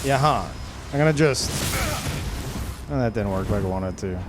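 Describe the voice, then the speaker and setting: A man's voice: on the low side, animated, normal speed, background noise. A young man streaming live gameplay, ranting in exasperation, laughing and swearing as he plays.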